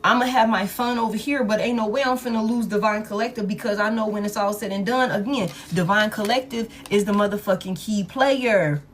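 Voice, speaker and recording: A woman's voice: medium pitch, brisk, few pauses, a little hiss or hum, natural voice. A woman voicing a smug, two-timing lover who keeps their options open, talking in a boastful, swaggering, casual way.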